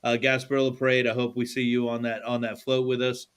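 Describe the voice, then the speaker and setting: A man's voice: medium pitch, completely flat delivery, fast talker, smooth. A male podcast host chatting casually in a studio. His talk is loose and laid-back, peppered with swearing and frequent laughs. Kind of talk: casual chat.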